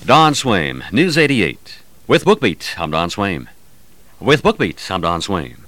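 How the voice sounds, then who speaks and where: Lively-voiced male radio news host. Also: slow, dry recording. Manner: lively, sing-song delivery with wide swings in pitch. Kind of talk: radio news feature narration.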